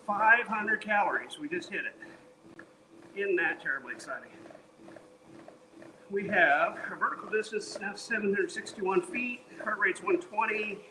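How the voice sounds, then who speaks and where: A man with a fairly high voice talks casually on a live stream while walking on a treadmill. He sounds tired and sweaty, reads viewers' messages aloud and banters between workout numbers. A steady background noise runs under his voice. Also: unhurried, long pauses. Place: home, on a treadmill.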